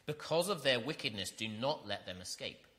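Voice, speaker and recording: A man's voice: medium pitch, animated, moderate pace, bright, forceful tone. A man preaching an earnest sermon, reading scripture and building to emphatic repetition.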